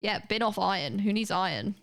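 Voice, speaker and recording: A woman's voice: mid-range voice, lively intonation, brisk, gravelly, a bit bright. A woman, chatting casually and rambling as she streams a game, swearing now and then. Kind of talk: casual gaming commentary.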